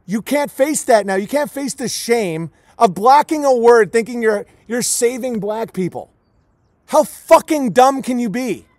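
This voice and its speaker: Male stream host, high voice, dry close sound; abrasive, mocking rant delivery. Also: animated, measured pace, dry recording. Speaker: livestream host. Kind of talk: profane ranting monologue.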